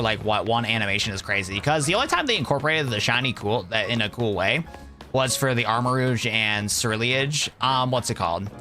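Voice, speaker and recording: Laid-back young man streaming, bright voice. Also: lowish voice. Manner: rambling, laid-back, calls chat "bro". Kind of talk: casual live-stream chat.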